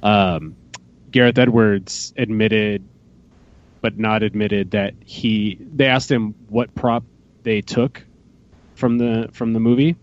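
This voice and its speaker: A man hosting a fan podcast, chatting casually and excitedly with rambling asides. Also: lowish voice, takes it slowly. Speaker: podcast host. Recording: dull lo-fi podcast mic.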